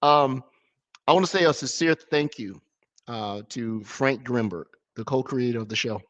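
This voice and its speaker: A middle-aged man hosting a podcast, talking in a relaxed, rambling way with restarts. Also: mid-range voice, normal speed. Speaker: podcast host. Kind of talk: casual podcast chat. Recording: slightly dull lo-fi audio.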